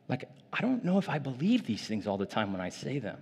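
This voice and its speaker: Male pastor, middle-pitched, casual chatty sermon delivery, long church-hall reverb. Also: huge pitch swings, brisk, vocal fry, few pauses, darkish tone, breathy edge. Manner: casual, conversational preaching with many "like" fillers.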